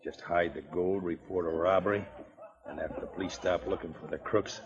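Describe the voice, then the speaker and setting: A man's voice: low voice, steady tone, brisk, a crowd in the background, natural voice. An actor playing a scheming male outlaw who threatens a man with blackmail, in a 1950s radio drama. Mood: menacing. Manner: smooth, threatening, coolly scheming. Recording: muffled old radio recording.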